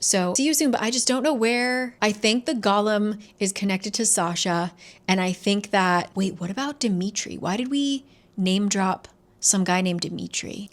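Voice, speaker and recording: Young woman book vlogger, chatty, lots of "like", retelling a thriller plot. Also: mid-range voice. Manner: chatty, many "like"s, acts out characters' lines.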